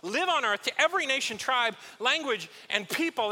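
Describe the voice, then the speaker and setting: A male pastor delivers a casual, story-driven sermon, slipping into little acted scenes and gentle jokes at his own expense. His voice sits high and swings widely in pitch, with a very bright, sharp edge. It rings out in a long, reverberant church hall. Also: lively intonation, normal speed, hardly any pauses. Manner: conversational, self-deprecating, acts out little scenes.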